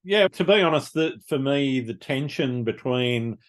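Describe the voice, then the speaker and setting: A man hosting a casual podcast interview, talking in a reflective, measured way. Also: medium pitch. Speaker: podcast host.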